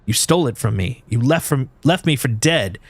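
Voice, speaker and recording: A man voicing a fierce, hot-tempered armored woman fighter who shouts threats in a video game. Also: medium pitch, lively intonation, moderate pace, dry recording. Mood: furious.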